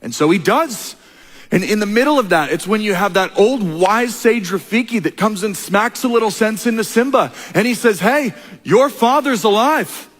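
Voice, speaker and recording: A man preaching a sermon, telling a story in an animated, earnest way. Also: high voice, moderate pace. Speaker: pastor. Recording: echoey hall with long reverb.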